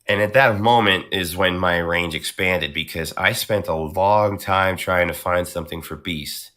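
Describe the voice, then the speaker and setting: A male voice actor chatting casually on a podcast, telling stories about his roles with animated energy and a touch of New York accent. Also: deep voice, measured pace. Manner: animated storyteller, slips into character voices.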